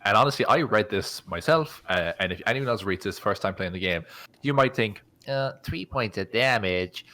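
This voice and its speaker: A man's voice: fairly low pitch, animated, fairly quick, pushed and bright. A man co-hosting a casual podcast about tabletop games, explaining rules with enthusiasm. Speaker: podcast co-host.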